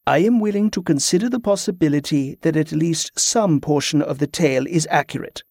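A man voicing a formal, scholarly male pirate captain who speaks in a firm, measured way. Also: a little high, darkish tone, dry recording, clean studio sound.

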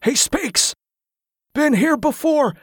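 A man voicing a delirious wounded man who cries out in high, strained bursts. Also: expressive, slow pace, pushed and bright, dry recording, studio quality, heavily acted. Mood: frantic.

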